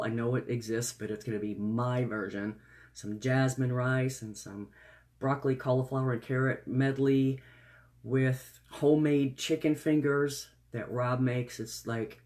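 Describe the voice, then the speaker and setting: A woman chatting casually on a live stream, greeting viewers by name, rambling from topic to topic with frequent laughs and exclamations. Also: a bass voice. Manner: gushing and exclamatory, laughs often.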